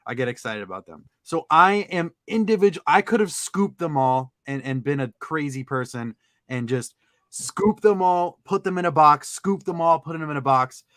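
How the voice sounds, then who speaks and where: Male co-host, casual storyteller, slightly high voice, animated with sudden high-pitched outbursts. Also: normal speed, no room sound. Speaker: podcast co-host.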